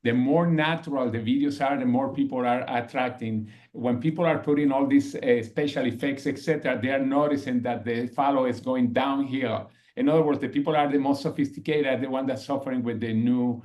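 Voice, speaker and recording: A man on a team video call who speaks earnestly, in halting phrases with some non-native phrasing. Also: medium pitch, darkish tone, dull audio. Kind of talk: casual group video call.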